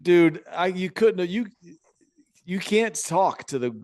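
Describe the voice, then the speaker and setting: A man co-hosting a podcast, telling stories in casual chat, animated with many restarts. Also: high-pitched, slow pace, no room sound, clean studio sound. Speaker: podcast co-host.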